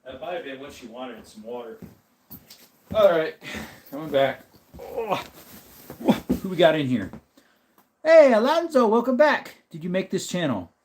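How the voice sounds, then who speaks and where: A man hosts a relaxed livestream, rambling as he answers viewers in the chat. His voice sits at a middle pitch. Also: moderate pace, a little hiss or hum. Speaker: livestream host.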